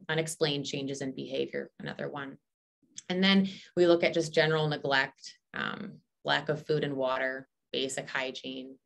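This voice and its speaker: A woman's voice: rumbling low, vocal fry. A woman presenting an educational webinar, explaining at length with frequent ums and restarts.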